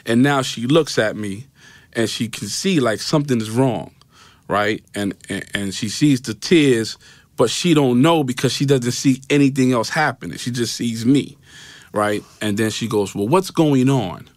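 Here a podcast guest with a New York accent and a mid-range male voice shares a personal story at normal speed, looping back over points and mimicking the people he quotes. "Right?" comes up again and again. It's recorded on a studio mic without echo.

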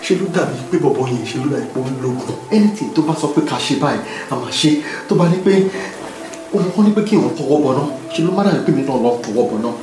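A man's voice: mid-range voice, lively intonation, racing, close to an everyday voice. A man with a Yoruba Nigerian accent acting a remorseful husband who begs his wife's forgiveness, switching between Yoruba and English. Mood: pleading. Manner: pleading, apologetic, mixing Yoruba and English. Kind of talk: Nollywood film acting. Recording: echoey room, distant mic, background noise.

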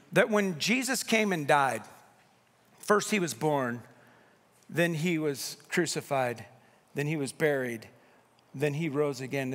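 A middle-aged man, a pastor, preaching a sermon with animated, humorous storytelling in a church. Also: a little high. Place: church sanctuary. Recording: long hall reverb.

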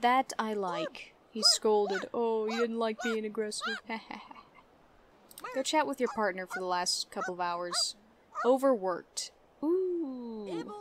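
A young woman talks her way through a life-sim game, chatting straight at her characters and laughing between lines. Her voice sits a little high and stays casual and unscripted. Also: sing-song, takes it slowly, noisy background. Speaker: let's play gamer. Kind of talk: casual gameplay commentary.

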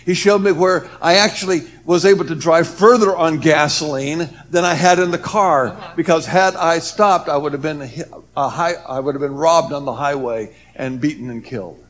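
A man's voice: moderate pace, hardly any pauses. Man telling a dramatic personal testimony. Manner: dramatic, swings between loud emphasis and hushed low lines. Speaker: testimony speaker.

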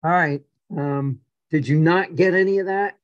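A man's voice: fairly high pitch, normal speed, dry recording, muffled recording. An older man, a guest on a video call, telling his life story casually and acting out the dialogue with stammered repeats. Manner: animated, acts out quoted dialogue with stammered repeats.

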